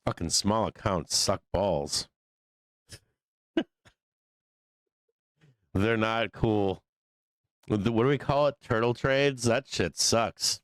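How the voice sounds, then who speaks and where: A man's voice: fairly low pitch, takes it slowly, long pauses, no room sound. A man hosting a live stock market stream, talking casually and ranting with frustration, swearing freely and laughing often. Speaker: stock market show host.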